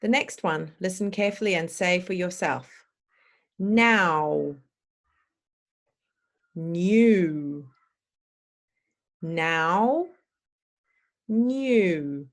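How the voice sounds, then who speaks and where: A woman's voice: on the low side, expressive, slow pace. A woman teaching English pronunciation, spelling sounds out and prompting the listener to repeat them. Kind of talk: slow drilled pronunciation lesson.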